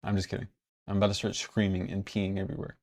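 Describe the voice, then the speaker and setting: A woman's voice: a bass voice, flat delivery, quick pace, creaky, a little mellow. A woman streamer giving casual, sarcastic commentary while she reacts to a clip, swearing freely.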